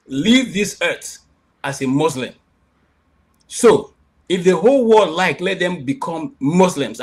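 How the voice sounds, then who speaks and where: Heated Nigerian man arguing on a call-in show. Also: a little high. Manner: emphatic, repeats himself, rising to near shouting when challenged. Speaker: program host.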